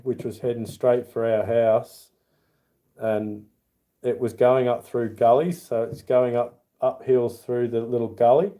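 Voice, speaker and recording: A man's voice: mid-range voice, dark tone. An Australian man hosting a casual livestream, rambling in a friendly way as he answers chat by name and calls people mate. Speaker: livestream host.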